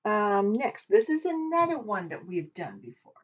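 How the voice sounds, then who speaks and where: A woman's voice: mid-range voice, big pitch swings, normal speed, husky. A woman teaching a casual Hebrew vocabulary lesson, chatting and thinking aloud as she double-checks her work. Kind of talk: informal recorded lesson. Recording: dull lo-fi recording.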